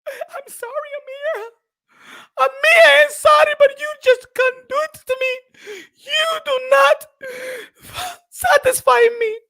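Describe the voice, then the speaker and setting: A man's voice: extremely high pitch, fairly even intonation, slow, pauses often, pushed and bright, voice pushed up, full character voice. A man putting on the voice of a heartbroken wife who wails melodramatically at her husband. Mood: wailing. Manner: wailing, melodramatic.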